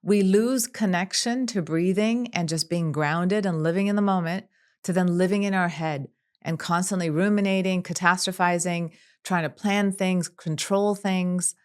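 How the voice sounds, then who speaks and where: Woman psychologist on a podcast, lowish smooth voice, calm, lists stuff out steady. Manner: calm, measured, listing examples in long runs. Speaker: clinical psychologist guest. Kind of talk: podcast interview.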